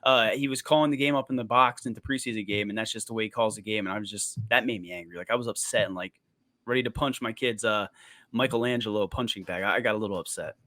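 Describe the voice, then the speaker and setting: A man's voice: fairly low pitch, quick pace, bright, forceful tone, dry recording. A man co-hosting sports talk radio, rambling and jokey in casual chat.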